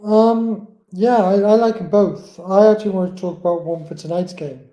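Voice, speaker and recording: A man's voice: high voice, fairly even intonation, normal speed, warm tone, dull audio. A man co-hosting a casual sports podcast, enthusiastic with hesitant starts. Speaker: podcast co-host. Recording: echoey room.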